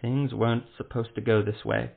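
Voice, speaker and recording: A man's voice: mid-range voice, steady tone, normal speed, creaky, lightly acted. A man reading aloud, voicing a male sorcerer who heals a wounded friend and curses under pressure. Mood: tense. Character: anxious male sorcerer healer, cursing under strain. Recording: tinny phone-like lo-fi sound.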